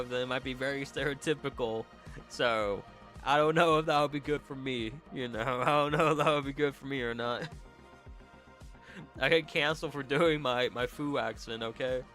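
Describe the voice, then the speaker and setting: Young male streamer, bright forceful voice, slightly congested, rambling with laughs; faint music underneath. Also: mid-range voice. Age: young adult. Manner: rambling, laughing, many restarts. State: slightly stuffy nose. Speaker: vtuber streamer. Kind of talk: casual chat with stream chat.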